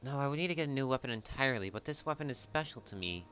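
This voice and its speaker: A man voicing his male adventurer character, thinking aloud quietly. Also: mid-range voice, expressive, rapid-fire, highs cut off, a little hiss or hum, lightly acted. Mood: musing. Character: male adventurer musing over his weapon.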